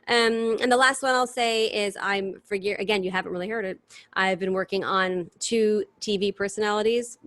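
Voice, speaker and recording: A woman singer and impressionist, guest in a casual interview, talking in long, animated answers with restarts over a video call. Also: mid-range voice, normal speed.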